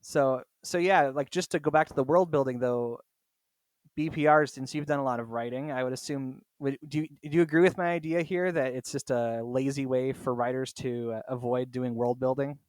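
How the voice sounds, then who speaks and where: A man's voice: mid-range voice, steady tone, normal speed, darkish tone, no room sound. A man hosting a casual podcast chat, rambling a little and throwing questions to his co-host over a remote recording. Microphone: remote recording setup.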